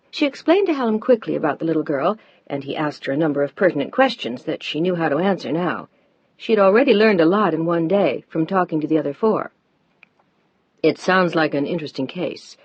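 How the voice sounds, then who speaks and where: Husky-voiced woman narrating an audiobook. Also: on the low side, darkish tone, no room sound. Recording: dull dry audiobook recording.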